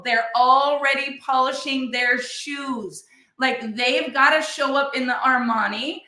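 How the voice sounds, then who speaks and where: A middle-aged woman giving a motivational talk, telling animated stories and acting out what others say, with "like" in nearly every sentence. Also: high-pitched, slow pace. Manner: animated storytelling, acts out other people's lines; says "like" constantly. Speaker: motivational speaker and business leader. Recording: roomy echo.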